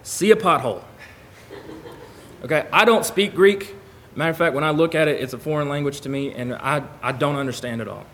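A man delivers a relaxed, conversational sermon to a church congregation. He reads scripture aloud between his own remarks, in a voice that sits a little high. A faint hum runs beneath him. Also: fast talker. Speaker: preacher.

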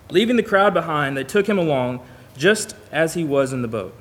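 A man's voice: a little high, expressive, normal speed, few pauses, a little hiss or hum. A man preaching a sermon in church, talking casually with the congregation and reading scripture aloud. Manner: conversational, reads scripture aloud.

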